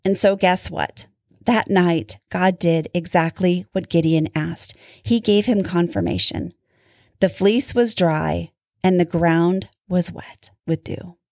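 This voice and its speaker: A woman's voice: lowish voice, fairly even intonation, slow pace, no room sound. Woman doing a chatty bible teaching, laughs a bit, acts out the prayers, close dry mic. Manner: warm, often laughs, acts out prayers in quotes.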